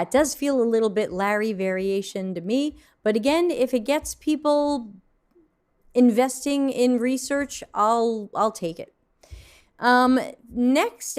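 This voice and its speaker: A woman with a slightly high, a little mellow voice hosts a livestream at her desk. In casual commentary she reacts to what viewers submit, frank and mildly snarky, with frequent ums and restarts.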